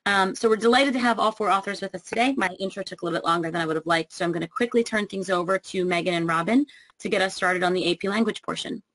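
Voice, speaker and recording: A woman's voice: medium pitch, quick pace, fairly bright tone, no echo, poor audio. Woman hosting a webinar, dry sound. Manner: frequent ums, reading introductions. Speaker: webinar host.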